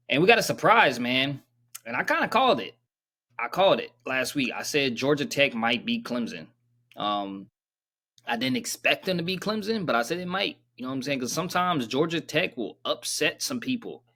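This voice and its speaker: Low-voiced young man, slangy sports talk. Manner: loose, slangy, subdued and self-described monotone. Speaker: sports channel host. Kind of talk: casual sports reaction vlog.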